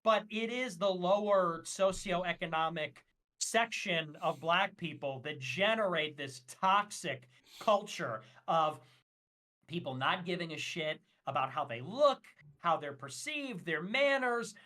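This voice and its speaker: A man's voice: sits high, lively intonation, unhurried, sharp tone. A man talking as a guest on a casual livestream, ranting emphatically and with strong opinions, with frequent fillers.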